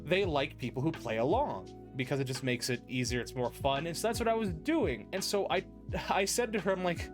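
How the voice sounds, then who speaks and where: Over music, this man hosts a podcast in a high-leaning, expressive voice, speaking a little fast. His casual chat wanders through stories full of false starts and filler words.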